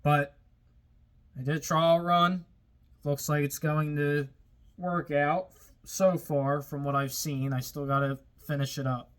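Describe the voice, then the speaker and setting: In his own car-building videos, this host talks to viewers in casual workshop chat. His voice sits on the high side with a flat, measured delivery, and his plain talk gets a bit worked up at times.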